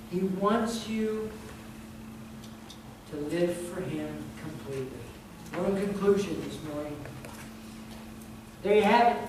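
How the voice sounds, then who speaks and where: A man preaching a sermon as pastor, emphatic and repetitive, telling a personal story with chuckles along the way. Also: high voice. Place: church sanctuary. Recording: very echoey church hall, speaker far from mic, audible room noise.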